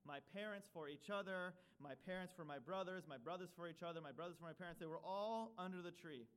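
A man preaching a sermon in church, telling a lively story and leading a prayer. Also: sits high, clear, resonant tone. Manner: animated storytelling, acting out his childhood self; slow, soft prayer. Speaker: pastor.

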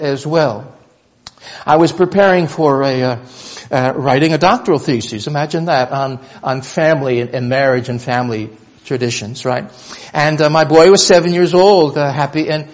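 A middle-aged man preaching a sermon in a conversational way, often checking in with the congregation with a quick "right?". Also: on the high side. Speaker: pastor.

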